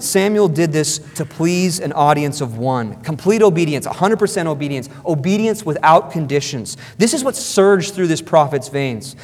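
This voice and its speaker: Man, pastor, sermon, emphatic, repeats key phrases, fairly high voice, long hall reverb. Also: a little mellow.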